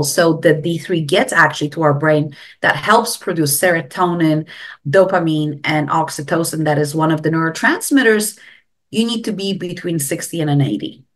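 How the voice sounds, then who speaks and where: Earnest middle-aged woman, slightly low voice. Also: fairly bright tone. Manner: emphatic and earnest, stressing key advice. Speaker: neuroscience guest expert. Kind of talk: explanatory interview talk.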